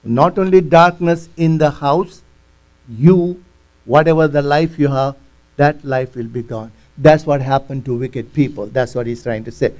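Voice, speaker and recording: A man's voice: a little high, measured pace, a little mellow. A man teaching a verse-by-verse Bible study, earnestly explaining each passage in plain words.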